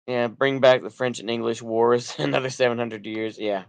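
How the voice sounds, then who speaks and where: Texan dude streaming kinda drunk, average pitch, rambly, dry close mic sound, keeps trailing off and restarting. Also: male voice, fairly even intonation, moderate pace, gravelly, clear, resonant tone, no room sound. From United States. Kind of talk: rambling livestream talk reacting to chat.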